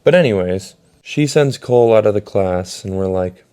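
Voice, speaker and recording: A young man telling a casual storytime vlog, swearing a lot and acting out quotes loudly. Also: lowish voice, moderate pace, smooth. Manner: animated, swearing, acts out quotes in raised voice.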